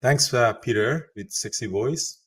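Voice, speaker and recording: A man hosting a live trading show, giving excitable market commentary and thinking aloud. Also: mid-range voice, a little slow, husky.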